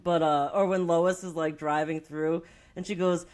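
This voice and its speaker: A woman's voice: lowish voice, steady tone, moderate pace, a little mellow. A young woman co-hosts a casual movie podcast and tells scenes back in a loose, rambling way. She leans on "like" constantly, swears freely, and keeps laughing at her own retellings. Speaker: podcast co-host. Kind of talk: casual movie-review chat.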